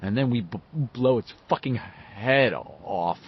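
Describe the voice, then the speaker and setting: A man voicing an earnest boy leader who stutters heavily and speaks slowly and carefully, in a slightly muffled recording. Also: mid-range voice, expressive, breathy edge, heavily acted. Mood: determined. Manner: heavy stutter, slow and careful.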